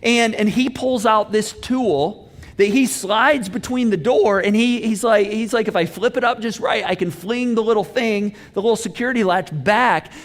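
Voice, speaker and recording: Animated high-voiced male pastor preaching. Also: normal speed, long reverb tail. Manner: animated storytelling, acts out dialogue. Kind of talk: sermon. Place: church auditorium.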